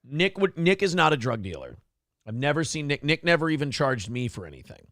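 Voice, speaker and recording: A man's voice: a little high, very animated, a little fast, a bit bright, dry recording, clean studio sound. A man hosting a casual show, joking crudely, laughing often and reading viewer chat messages aloud. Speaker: morning show host.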